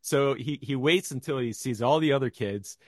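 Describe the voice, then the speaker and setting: A man's voice: mid-range voice, moderate pace, no room sound, clean studio sound. A man chatting as a podcast guest, telling anecdotes and acting out the quoted voices. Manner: storytelling, acts out quoted voices. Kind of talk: casual podcast chat.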